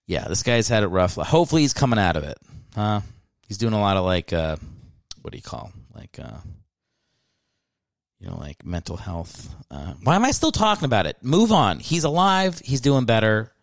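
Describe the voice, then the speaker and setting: Male solo podcaster, low-ish voice, loose profane rants, dry booth sound. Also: dry recording. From Philadelphia area. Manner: animated, profane, rambling with self-mocking asides. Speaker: podcast host. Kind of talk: casual solo podcast rant.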